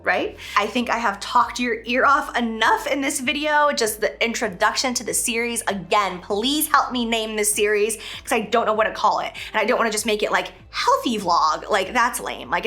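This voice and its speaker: A woman in her thirties, a beauty vlogger, talking candidly and expressively in a personal vlog, swinging from soft to loud. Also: medium pitch.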